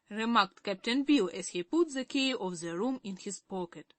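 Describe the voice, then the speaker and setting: A woman narrating a classic children's story as an audiobook reader, deliberate and expressive. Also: medium pitch, no echo. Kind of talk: scripted narration.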